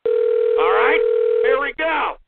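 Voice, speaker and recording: Radio host guy, loud and crude, highish gravelly voice, tinny phone sound. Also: lively intonation, takes it slowly, very noisy. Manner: boisterous, crude, bursts into shouts and whoops. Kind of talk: crude call-in radio talk.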